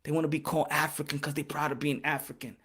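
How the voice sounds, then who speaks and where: A man hosting a boxing channel, delivering impassioned, preachy commentary and switching between English and Spanish, rising to shouts when worked up. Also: a little high, little pitch movement, fast, slightly rough.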